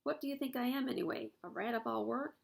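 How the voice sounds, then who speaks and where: A woman's voice: on the high side, lively intonation, fast talker, vocal fry, husky, heavily acted. A woman voicing a lazy, sarcastic male rat who grumbles and mocks in a storybook reading. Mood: mocking. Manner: mocking and grumbling.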